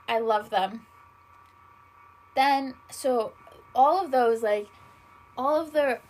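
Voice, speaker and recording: A woman's voice: a little high, rough recording. A young woman hosting a solo podcast, rambling in casual chat with constant fillers and frequent swearing. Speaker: podcast host. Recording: faint background noise.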